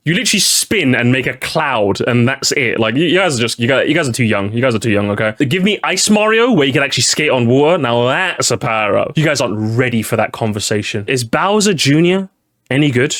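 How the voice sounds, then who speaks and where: A young man streaming as he ranks video game music, excitable and sarcastic, with frequent swearing. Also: medium pitch, fairly quick.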